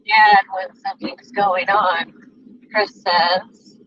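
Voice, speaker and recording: A man chatting slowly from a passenger seat in a moving car. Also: high voice, level tone. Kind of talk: casual chat while driving. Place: car on a highway. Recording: distant, dull in-car recording with road noise.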